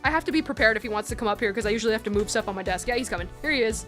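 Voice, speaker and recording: A woman's voice: fairly high pitch, very fast, a bit bright, soft background music. A woman casually commenting on a game from her home desk, chatty and giggly. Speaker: let's play host. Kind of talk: casual let's play commentary. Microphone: headphones with desk mic.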